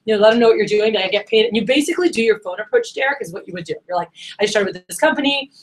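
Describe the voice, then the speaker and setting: Fast-talking woman sales coach. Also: medium pitch, low-quality recording. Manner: energetic, coaching, acts out phone calls. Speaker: sales manager coaching new managers. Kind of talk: training workshop talk.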